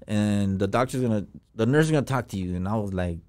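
A man's voice: lowish voice, fast talker, hardly any pauses, a little mellow. Slangy, profane man telling a story. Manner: slangy and profane, full of fillers. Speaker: podcast guest. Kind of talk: casual storytelling.

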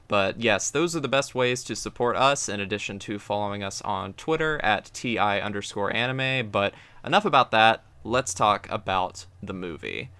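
A man's voice: fairly low pitch, expressive, normal speed, hardly any pauses, sharp tone, smooth, no echo. A man co-hosting a podcast about anime, chatting casually and upbeat as he plugs the show. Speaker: podcast co-host.

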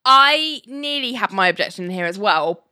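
Woman retelling a show, lively laughs. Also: mid-range voice, normal speed, clean tone, dry recording, clean studio sound. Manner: animated retelling, quotes characters in put-on voices, laughs often. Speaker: podcast co-host recapping a TV episode. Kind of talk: casual chat.

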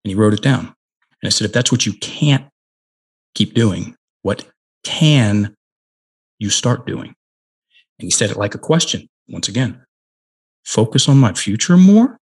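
A middle-aged man, a guest on a podcast, telling a coaching story on a headset mic, emphatic and slowing down to stress key words. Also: lowish voice, animated, husky. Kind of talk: conversational storytelling.

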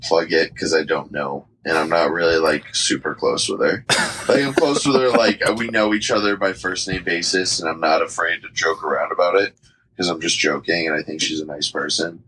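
A man's voice: sits low, normal speed, bright, forceful tone, slight background noise. A man hosting a podcast, chatting loosely with lots of laughs, swearing and fillers. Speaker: podcast host. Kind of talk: casual podcast chat.

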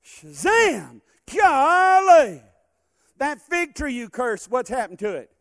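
Animated high-pitched preacher man. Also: moderate pace, no room sound, studio quality. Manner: animated, calls on the congregation to respond. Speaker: guest speaker. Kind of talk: sermon. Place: church hall.

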